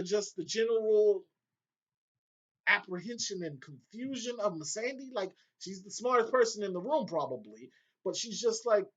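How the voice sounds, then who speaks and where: A man recapping a TV episode in a casual, excitable way, swearing often and breaking into laughter. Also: sits high. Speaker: video reviewer. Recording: dull lo-fi home audio.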